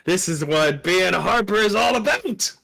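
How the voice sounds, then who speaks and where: A man's voice: sits high, animated, normal speed, creaky, sharp tone, pitched above the performer's own voice, full character voice. A man voicing a cheerful, boastful halfling bard in a tabletop game. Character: cocky young halfling bard, thrill-seeking.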